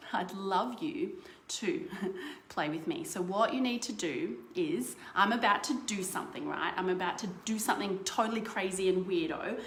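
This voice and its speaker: A woman's voice: fairly low pitch, a bit bright, echoey room, slight background noise. A woman presenting a live online workshop over a video call, chatty and playful, laughing often.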